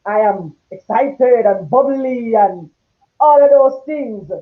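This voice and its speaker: Woman, talk show host, strong forceful tone, loud when passionate, fairly high voice, tinny phone-like sound. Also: expressive, takes it slowly. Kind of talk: casual talk show chat.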